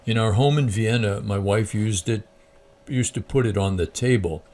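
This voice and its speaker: A man reading aloud, voicing a gentle middle-aged watch repairman with a soft accent. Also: fairly low pitch, moderate pace, a little hiss or hum, natural voice. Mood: wistful.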